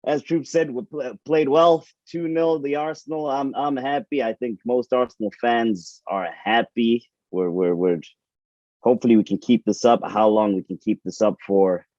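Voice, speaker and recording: A man's voice: mid-range voice, moderate pace, a little mellow, no echo, dull audio. A man co-hosting a football show, chatting casually and repeating words as he thinks. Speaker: co-host.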